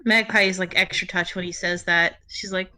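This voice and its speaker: A woman player in a tabletop role-play, talking casually and warmly about her character. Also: lowish voice, steady tone, moderate pace. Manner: casual, affectionate, in-character asides.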